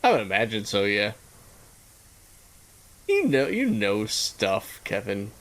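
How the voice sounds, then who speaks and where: Slow, chatty man who laughs a lot. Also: fairly low pitch, huge pitch swings. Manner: chatty, laughs often, thinks aloud. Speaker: game streamer. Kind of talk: casual gaming stream chat.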